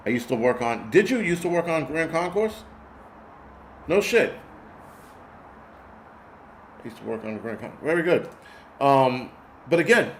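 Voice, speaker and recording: A man's voice: on the high side, a little hiss or hum. A middle-aged man hosting a casual livestream, ranting bluntly with lots of swearing and reading viewer comments. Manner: profane, blunt, rambling rant.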